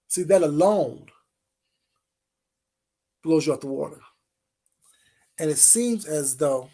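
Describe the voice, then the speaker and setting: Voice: medium pitch, husky. A vlogger delivering a confrontational call-out rant, taunting and sarcastic, drawling pet names and firing off pointed rhetorical questions.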